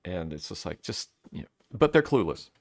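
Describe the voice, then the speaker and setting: A man's voice: sits low, big pitch swings, normal speed, gravelly, dry recording, studio quality. A man co-hosting a podcast in casual chat, rambling with many restarts and mocking quoted voices. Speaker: podcast co-host.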